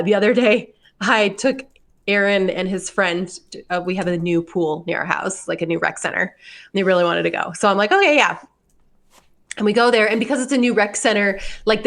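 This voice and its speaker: A woman in her early forties chats on a podcast, with a voice pitched in the middle for a woman. She tells stories with a lot of animation, mimics the people in them, and breaks into laughs often. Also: fairly bright tone. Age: 40s. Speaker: podcast co-host. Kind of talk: casual chat.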